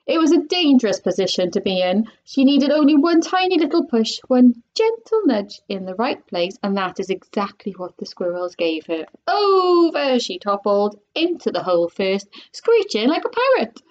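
A woman, a primary school teacher, reading a children's book aloud with playful, expressive delivery and little asides to her listeners. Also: mid-range voice, moderate pace, hardly any pauses, highs cut off. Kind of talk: children's storybook read-aloud.

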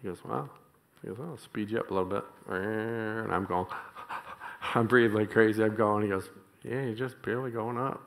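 A pastor with a fairly low, creaky voice preaches a casual, storytelling sermon to his congregation at normal speed. He chuckles often and grows animated whenever he quotes other people.

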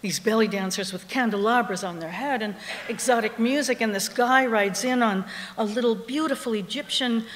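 A woman's voice: medium pitch, a bit bright. A woman telling a true story on stage to a live audience, conversational and wry, laughing along as she goes. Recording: long hall reverb from a live theater.

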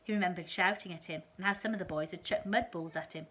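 A woman reading a children's novel aloud in a calm, steady storytelling manner. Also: lowish voice, fast, husky.

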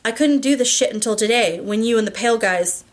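A woman's voice: a little high, brisk, lightly acted. A woman voicing a brash, streetwise teenage girl who talks bluntly and mockingly, firing off questions. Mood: sassy.

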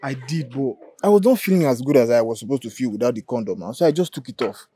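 A man's voice: medium pitch, expressive, quick pace, dark tone, lightly acted. A young man with a Nigerian accent playing a worried teen boy in trouble, defensive and anxious.

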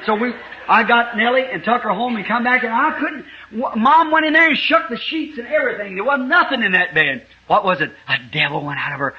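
A man preaching a revival sermon with a southern Indiana accent, telling a folksy story and rising to fervent shouts, on a lo-fi 1960s church tape. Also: very high voice, a little fast, a little hiss or hum.

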